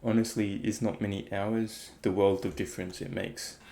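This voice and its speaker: A low-voiced man with a gravelly edge talks in a flat, even tone. He muses aloud in a relaxed, reflective way, wandering through his thoughts with plenty of fillers. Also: normal speed. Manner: rambling, thinking aloud with many fillers. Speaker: meditation vlogger. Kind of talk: casual reflective talk.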